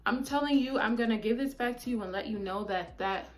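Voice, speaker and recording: A woman in her twenties chatting casually while doing her makeup, talkative and animated, often saying "mind you". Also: on the high side, a little fast. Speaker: beauty vlogger.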